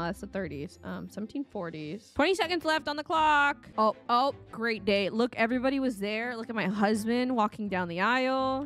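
A young woman streaming a life-sim game live, talking to her chat in an animated way and laughing often. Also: fairly high pitch. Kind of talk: casual live-stream commentary. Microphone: desk microphone.

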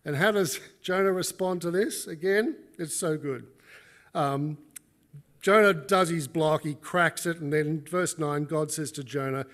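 An Australian man preaches a sermon, talking in an animated, conversational way. His voice sits a little higher than most men's. He keeps it lively and plain-spoken as he works through his point. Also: a little slow. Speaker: pastor.

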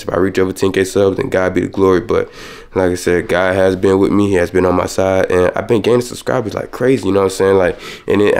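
Young man, 20s, casual vlog, fast rushed talk, slangy, deep voice, gravelly. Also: a little mellow. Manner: talks fast and rushes his words; loose, slangy, peppered with "you feel me". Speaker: vlogger. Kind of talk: casual vlog chat to camera.

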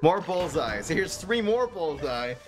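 A man streaming a card game live, commenting excitedly with frequent laughs and joking at his own mistakes while talking to his chat. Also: a little high, takes it slowly. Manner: excitable, laughing, self-mocking, talks to chat.

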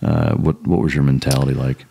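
A middle-aged man, a former SEAL who hosts the podcast, asking questions in relaxed, profane casual chat. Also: rumbling low, gravelly, breathy edge. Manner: relaxed, profane, quick backchannel yeahs.

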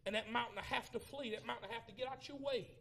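A man preaching a Pentecostal sermon in a church, swinging from shouted lines to low murmurs as he tells the story. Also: fast talker, vocal fry. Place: church sanctuary.

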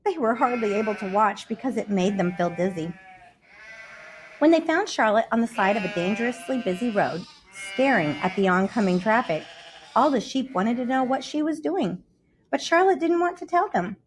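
Lively woman reading a storybook. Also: a little high, moderate pace, a little hiss or hum. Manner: expressive and lively. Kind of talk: children's storybook read-aloud.

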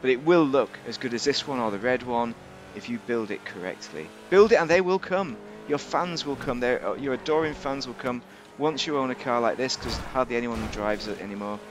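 A man's voice: medium pitch, noisy background. A man giving rambling, joking commentary while reviewing a video game. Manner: rambling, chatty, jokey asides. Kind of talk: casual gameplay commentary.

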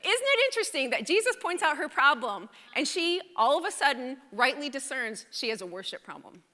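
In a big church sanctuary with a long, echoing reverb, this woman's bright, high voice carries her sermon. She talks to the congregation in a lively, conversational manner, frequently tossing them a "right?" and drawing responses from the pews.

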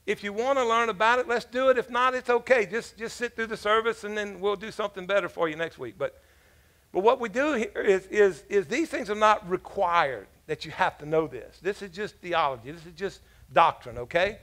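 A man's voice: sits high, fairly quick, pushed and bright. A man pastor preaching a sermon in a casual, joking storytelling manner, with asides to the congregation. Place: church.

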